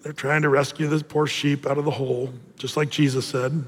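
A man's voice: fairly high pitch, flat delivery, a little fast, husky, in a large hall. A man preaching a casual sermon as pastor, telling jokey stories with lots of restarts. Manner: casual, joking storyteller with many restarts. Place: church auditorium.

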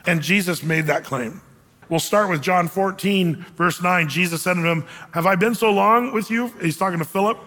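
High-voiced preaching man in a big hall. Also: sharp tone. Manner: emphatic, conversational preaching with acted-out quotes. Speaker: pastor. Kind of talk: sermon.

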